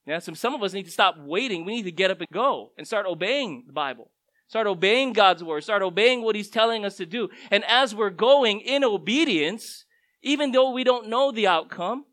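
A man's voice: sits high, expressive, normal speed, fairly bright tone, rough recording. A man preaching a sermon in a conversational, storytelling way, his voice rising and dropping for emphasis. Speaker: pastor.

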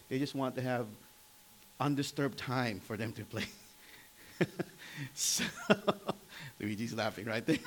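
A man in his forties preaching a sermon, telling family stories conversationally, asking the congregation questions and often clearing his throat. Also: medium pitch, normal speed, low-quality recording. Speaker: pastor.

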